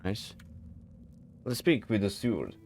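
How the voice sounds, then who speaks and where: A man's voice: on the low side, very animated, measured pace, creaky, darkish tone, soft background music. A man commenting casually on his gameplay and reading the game's text aloud in a laid-back, muttering way. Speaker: gameplay streamer.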